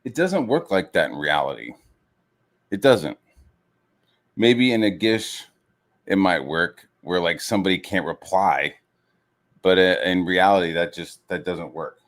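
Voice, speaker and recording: Streamer, male, deeper voice, heated swearing rant, mocks others. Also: lively intonation, measured pace, pauses often. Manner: heated, swears constantly, full of fillers. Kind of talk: profane rant.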